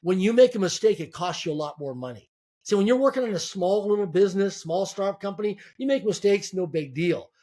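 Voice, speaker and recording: A man with a notably high speaking voice talks as a guest on an interview podcast. He gives motivational business advice in an emphatic, driving way. He often repeats words and restarts phrases, and he stacks his points into quick lists. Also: lively intonation, warm tone. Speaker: guest entrepreneur.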